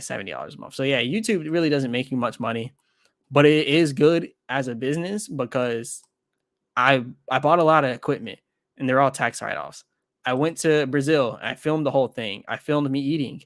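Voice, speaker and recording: A man's voice: medium pitch, fairly bright tone, no room sound, studio quality. A man chatting casually on a livestream while trading, rambling and correcting himself as he thinks aloud. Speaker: crypto trading streamer.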